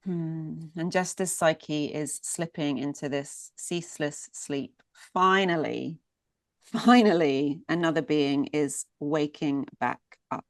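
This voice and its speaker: A woman's voice: low voice, fairly even intonation, slow pace, hardly any pauses, a little mellow, no echo. A woman telling a myth as a storyteller, lingering and repeating words for emphasis. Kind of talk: mythic storytelling.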